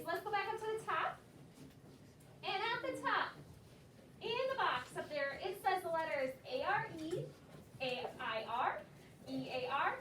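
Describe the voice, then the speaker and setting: A woman with a very high, slightly bright voice is teaching a second grade phonics lesson, patiently prompting her class with questions and cues. She's picked up by a far camera in an echoey classroom, with room noise around her.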